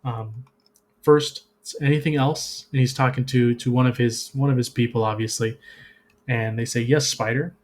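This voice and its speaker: A man's voice: mid-range voice, fairly even intonation, normal speed. Hesitant man recapping game lore. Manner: hesitant, many restarts and ums. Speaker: podcast co-host. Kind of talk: casual lore recap and reading.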